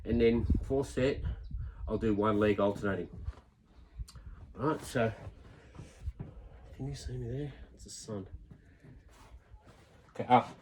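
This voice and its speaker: This fitness vlogger, a man in his fifties, talks his way through an outdoor workout, counting reps in a chatty, upbeat coaching style. His voice sits lowish and moves a little slowly, pausing often over background noise.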